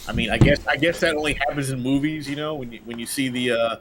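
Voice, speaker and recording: A man hosting a casual gaming podcast, swearing freely and telling stories with lively energy. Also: mid-range voice, fast talker, heavy background noise. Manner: profane, animated, acts out quotes. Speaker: podcast host.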